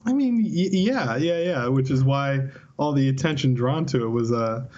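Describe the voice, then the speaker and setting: A man's voice: medium pitch, expressive, moderate pace, darkish tone. A man co-hosting a laid-back movie podcast, chuckling often as he talks in a mid-range voice. The audio is a little dull and lo-fi. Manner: laughs often, easygoing and amused. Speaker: podcast co-host. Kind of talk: casual film discussion.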